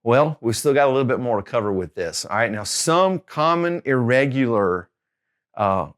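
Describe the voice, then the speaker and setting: A man teaching a casual video lesson, chatty and relaxed, slowly repeating each Spanish word twice. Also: medium pitch. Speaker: Spanish tutor.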